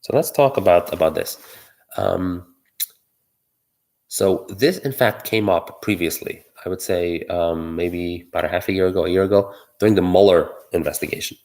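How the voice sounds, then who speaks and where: A man's voice: low voice, moderate pace, a little mellow. A man giving solo political commentary, arguing his point while thinking aloud, with many fillers and restarts.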